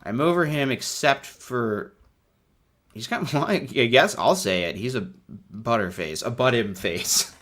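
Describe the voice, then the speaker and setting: A young man hosting a comedic commentary video, riffing wryly on book illustrations and swinging from mutters to excited outbursts. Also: medium pitch, unhurried. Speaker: video host.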